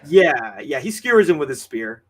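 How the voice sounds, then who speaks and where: A man's voice: mid-range voice, sing-song, normal speed. A man co-hosting a podcast, recapping movie scenes in casual chat with lots of fillers and restarts. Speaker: podcast co-host. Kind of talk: casual film review chat.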